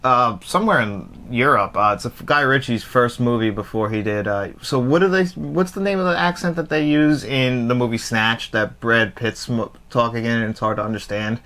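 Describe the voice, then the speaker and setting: Bright-voiced man talking movies. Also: mid-range voice, normal speed, hardly any pauses. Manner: enthusiastic, recommends films to listeners. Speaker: podcast host, movie fan. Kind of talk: casual chat.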